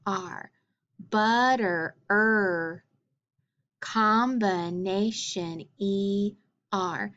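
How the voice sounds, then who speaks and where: This is a woman as a teacher running a phonics drill, her mid-pitched voice moving at a very slow, careful pace. She sounds out letters and combinations one at a time and follows each answer with steady praise. The recording is a little dull and muffled.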